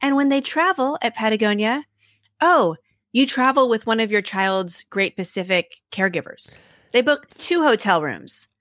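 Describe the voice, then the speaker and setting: A woman's voice: fairly high pitch, expressive, moderate pace, fairly bright tone, no echo, clean studio sound. A woman telling stories in a casual interview, enthusiastic, laughing often and acting out quotes. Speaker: podcast creator, guest.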